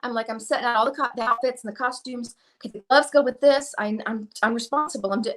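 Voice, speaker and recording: A woman talks at a quick clip in a slightly high voice, rambling through a casual chat. She pokes fun at herself and acts out little asides along the way. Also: steady tone, a bit bright. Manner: rambling, self-deprecating, quick with acted-out asides. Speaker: guest.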